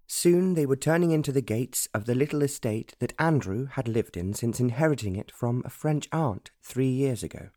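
A man narrates a historical romance audiobook with a measured, even delivery. His voice is warm and mellow, and the recording is close and very dry, with no room sound. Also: mid-range voice, dry recording. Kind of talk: scripted narration.

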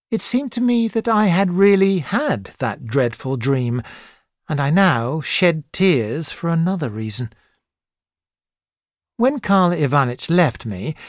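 A man narrating a classic novel in a measured, even reading style. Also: medium pitch, no room sound, clean studio sound. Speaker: audiobook narrator. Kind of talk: scripted narration.

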